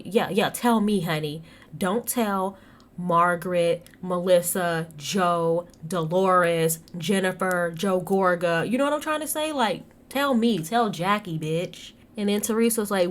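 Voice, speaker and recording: A woman hosting a casual recap podcast, chatting to listeners and acting out quoted lines with big jumps in her voice. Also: moderate pace. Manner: animated, acts out quotes with big pitch jumps. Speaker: podcast host recapping reality TV.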